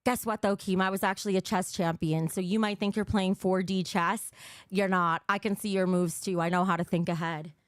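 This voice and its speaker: A woman's voice: mid-range voice, steady tone, moderate pace, smooth, no echo, clean studio sound. A young woman streaming live, talking bluntly and cursing as she reads out viewer donations, a little out of breath. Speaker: livestreamer. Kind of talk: casual livestream chat.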